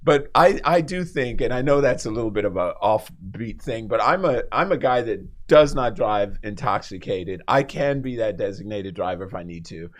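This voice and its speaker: A man on a radio talk show telling a story in a casual, animated way, laughing often and acting out the people in it. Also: lowish voice, normal speed, hardly any pauses. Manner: animated, laughs through his story, acts out voices. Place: radio studio.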